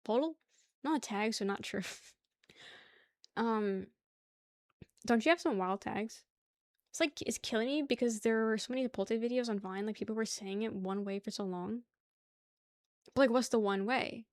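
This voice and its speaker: A young woman chats casually on her livestream, sliding from one topic to the next, laughing and cursing freely. Her voice sits a little high. The sound is dry and close, with no room around it. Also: normal speed, pauses often, no echo. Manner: chatty, swears casually, laughs often. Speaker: livestream host. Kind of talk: casual chat with chat.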